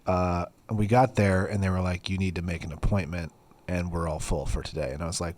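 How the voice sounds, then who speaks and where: Dry, lower-voiced man chatting. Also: fairly even intonation, a little fast, darkish tone. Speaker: podcast co-host and engineer. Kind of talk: casual chat.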